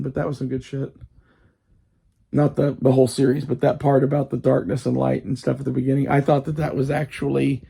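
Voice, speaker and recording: Gravelly, husky man ranting casually. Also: mid-range voice, dark tone. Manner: profane, meandering, full of fillers. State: strained, hard to talk. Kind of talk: casual rambling monologue.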